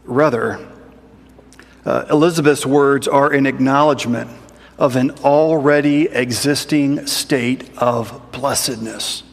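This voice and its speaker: A man preaching a sermon in a measured, explanatory way with rhetorical asides. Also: mid-range voice, fairly even intonation, creaky, in a large hall. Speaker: pastor.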